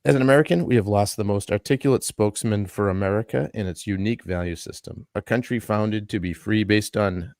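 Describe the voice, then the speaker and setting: A man's voice: lowish voice, steady tone, a little fast, hardly any pauses, a little mellow, dry recording, clean studio sound. A man hosting a live-stream talk show, reading a statement aloud in an earnest way and adding his own asides. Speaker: podcast host.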